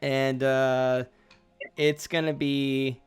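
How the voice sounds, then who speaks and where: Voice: mid-range voice, little pitch movement, very slow, smooth, faint music behind. A game master running a tabletop role-play game, narrating with many fillers and laughs.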